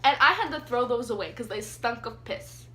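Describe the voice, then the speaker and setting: A young woman telling a story in a casual vlog, chatty and animated with lots of fillers. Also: fairly high pitch, normal speed. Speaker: vlogger. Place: sitting on the floor indoors.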